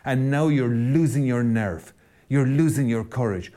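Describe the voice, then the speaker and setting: A Catholic priest hosting a podcast argues passionately in a rhetorical, preacherly style, repeating phrases for emphasis. His medium-pitched voice is mellow and unhurried.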